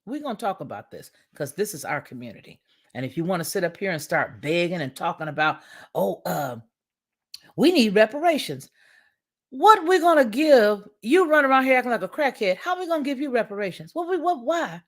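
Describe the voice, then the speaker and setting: A woman's voice: mid-range voice, big pitch swings, fast talker, fairly bright tone. A woman hosting a livestream commentary, speaking in with an emphatic, preachy, repetitive manner. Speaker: commentary channel host.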